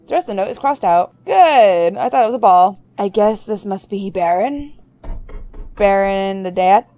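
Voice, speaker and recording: In her casual horror game let's play, a young gaming YouTuber reads text out loud, jokes to herself, and gives high-pitched squeals when surprised. Her voice is a little mellow and moves at normal speed. There's no room sound.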